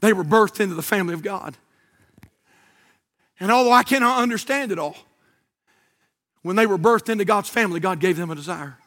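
A middle-aged male pastor preaching a sermon, swinging from shouts to near whispers. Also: high voice, fairly quick, long pauses. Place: church sanctuary.

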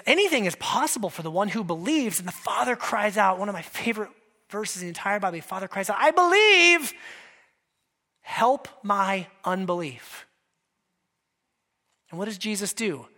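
A male pastor preaching a lively, conversational sermon, acting out quotes from scripture figures. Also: high voice, a little fast.

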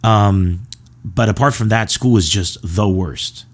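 A comedian from Lebanon telling rambling, animated stories about his school days. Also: fairly low pitch, husky. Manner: rambling and animated, with quick asides. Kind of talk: casual storytelling.

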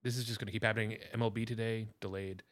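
A man's voice: lowish voice, flat delivery, rapid-fire, no room sound, studio quality. A man co-hosting a podcast, casually explaining and checking facts. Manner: informative, fact-checking. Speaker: podcast co-host. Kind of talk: casual chat.

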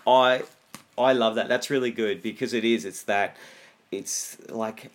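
A middle-aged man giving casual wellness advice, lively, often acting out inner voices. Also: medium pitch, measured pace. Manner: animated, acts out inner voices.

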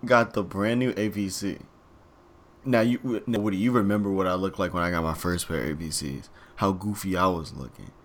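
Deep-voiced laid-back young man. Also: a little fast. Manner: laid-back, slangy, profane, trails off softly. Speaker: podcast co-host. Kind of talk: casual chat. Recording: faint background noise.

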